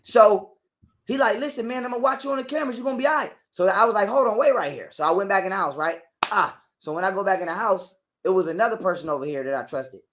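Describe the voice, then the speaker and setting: There's background noise as a fast-talking man with a high voice, a guest in an interview, tells a profane story casually. He animates the retelling by acting out others' lines.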